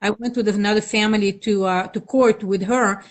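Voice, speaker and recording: A woman guest speaking as a victims' rights advocate, halting with many fillers as she recounts events with rising indignation. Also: medium pitch, steady tone, slight background noise. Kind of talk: conversational interview.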